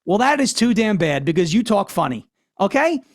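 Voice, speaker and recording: Brash, high-voiced male show host. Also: big pitch swings, moderate pace. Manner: mocking, brash and loose. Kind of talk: political commentary show.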